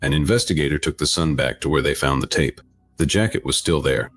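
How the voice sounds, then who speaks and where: A man reading a scripted true-crime narration in a flat, even retelling. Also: extremely low pitch, brisk, no room sound. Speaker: video narrator.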